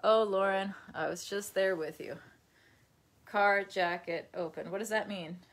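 In a steady, medium-pitched voice at a measured pace, a woman chats on a casual live stream while folding laundry at home. She wanders loosely between topics, laughs frequently, and sometimes pauses to speak to her dog.

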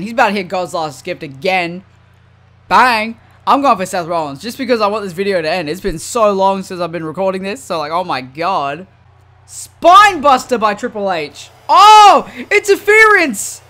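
A man giving casual, slangy commentary over a wrestling video game, swinging from low muttering to excited shouts. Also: normal speed. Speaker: gaming YouTuber.

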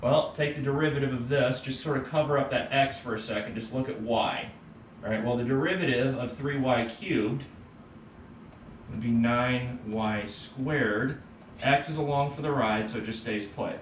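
A man teaching economics math in a casual, relaxed way, checking in with "right?" as he goes. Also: mid-range voice, normal speed. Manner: relaxed, tags points with "right?". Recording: roomy, distant mic, faint background hum.

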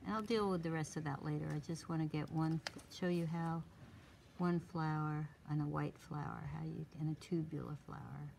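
A woman's voice: low-pitched, steady tone, normal speed, vocal fry, a little mellow, slight background noise. A woman instructor giving a live drawing demonstration to a small class, thinking aloud as she works and coaxing with short repeated cues.

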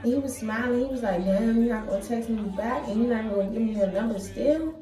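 A young woman vlogger chatting casually through a storytime while installing a wig, animated and full of slang, acting out what people said. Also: a little high, quick pace. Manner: animated, slangy, acts out quoted dialogue. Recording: music playing behind voice. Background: hip hop music.

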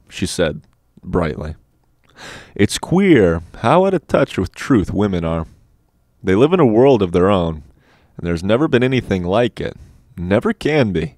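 Deep, measured male audiobook narrator with a wry touch; dry close-mic sound. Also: animated, darkish tone, no echo. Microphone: dynamic studio mic.

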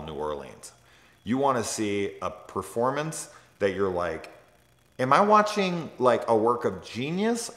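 A man's voice: low voice, a bit bright. A man in his thirties talking casually about movies on a livestream, rambling, swearing and laughing often. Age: 30s. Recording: echoey room with long reverb.

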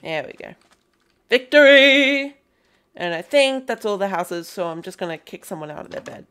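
A young woman chatting excitedly through a gameplay session, calling out playful greetings to characters in the game. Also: on the low side, brisk. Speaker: gaming video host. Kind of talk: casual gameplay commentary.

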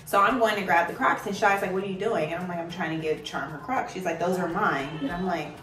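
A woman's voice: fairly low pitch, fast. A woman vlogger in her thirties chatting casually with her daughter, acting out quotes as she tells funny stories. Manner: animated storyteller, acts out quotes. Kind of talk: casual chat. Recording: echoey room, far from mic, music behind.

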